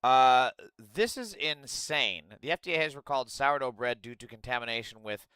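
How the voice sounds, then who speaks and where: A man's voice: medium pitch, expressive, moderate pace, clear, resonant tone, no echo. Foul-mouthed ranting male streamer. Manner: profane, sarcastic, yelling outbursts. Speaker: livestream host. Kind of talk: ranting livestream commentary.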